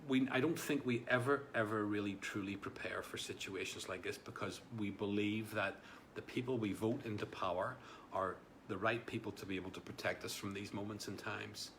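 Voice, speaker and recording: A man's voice: on the low side, steady tone, moderate pace, hardly any pauses, a bit bright, a little hiss or hum. A man hosting a casual live stream, reading out viewer comments in a rambling way, with many fillers and repeated words. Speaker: livestream host.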